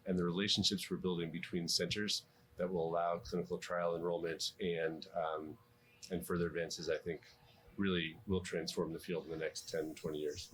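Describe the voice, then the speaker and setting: A man, a cardiologist, giving measured interview answers with many pauses and restarts. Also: sits low, flat delivery, a bit bright. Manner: measured, frequent ums and restarts.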